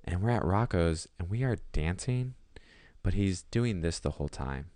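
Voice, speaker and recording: Man, young adult, low voice, dry close sound, animated storyteller, podcast guest. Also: normal speed, no room sound. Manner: animated storyteller who acts out quotes. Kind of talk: casual storytelling in a podcast chat.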